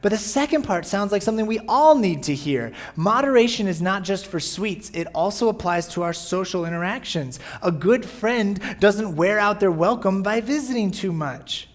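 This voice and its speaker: A man's voice: high voice, expressive, moderate pace, few pauses. A male pastor preaching a sermon in a conversational way, often checking in with his listeners. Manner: conversational, often asking "right?". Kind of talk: sermon podcast.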